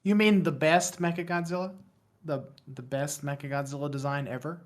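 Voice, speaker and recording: A man in his thirties with a West Virginian accent, talking casually as a podcast guest. His voice sits a little higher than most men's, and he rambles, restarts his sentences and plays himself down. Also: steady tone, moderate pace. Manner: rambling, self-deprecating, stumbles and restarts often. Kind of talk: casual interview chat.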